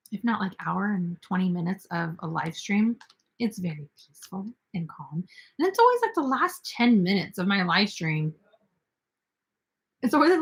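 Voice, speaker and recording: A woman's voice: medium pitch, fairly bright tone. Young woman chatting on her crochet livestream, reads out comments and talks back to the chat, easygoing.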